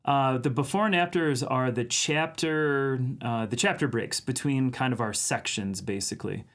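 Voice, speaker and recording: A man's voice: mid-range voice, moderate pace, a bit bright. A man from Minnesota hosting a casual art live stream, chatting and laughing with viewers while he draws. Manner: chatty, laughs often, reads chat aloud.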